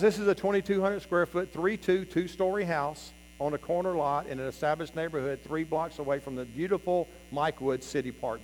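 A man teaching a live seminar room, emphatic and constantly addressing the audience as "guys". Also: a little high. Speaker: real estate seminar presenter. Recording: reverberant hall, faint mains hum.

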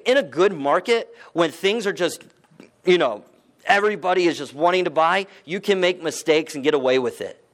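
A man speaks to a live audience in a loose, conversational way. His voice sits a little high, and he keeps turning to the listeners with questions, sprinkling in fillers as he goes. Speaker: real estate investment speaker.

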